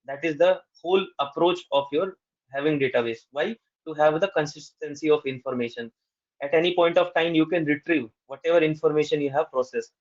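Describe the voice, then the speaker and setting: Man lecturing on tech, lo-fi. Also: a little high. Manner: explanatory, repeats key points for emphasis. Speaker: cloud computing instructor. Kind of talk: technical lecture. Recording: dull lo-fi recording.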